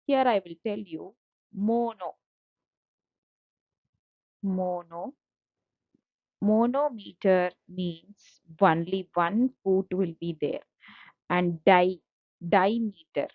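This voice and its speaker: Woman teacher, slow and patient, dry lo-fi recording. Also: mid-range voice, no echo. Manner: repetitive, patient explaining with frequent fillers. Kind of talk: explaining slides in a lecture. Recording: dull lo-fi dry audio.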